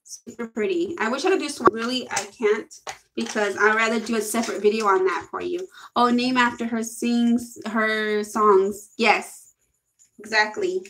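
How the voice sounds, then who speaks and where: A woman's voice: mid-range voice, fairly even intonation, normal speed, a bit bright, a little hiss or hum, rough recording. A young woman gushing and giggling through a casual makeup haul video. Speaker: beauty vlogger.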